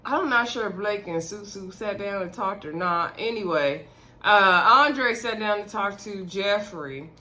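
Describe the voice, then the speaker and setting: A woman's voice: mid-range voice, unhurried, bright, forceful tone. A woman recapping a reality show episode in a chatty, sassy way, talking straight to her viewers and laughing between remarks. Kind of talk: casual episode recap commentary.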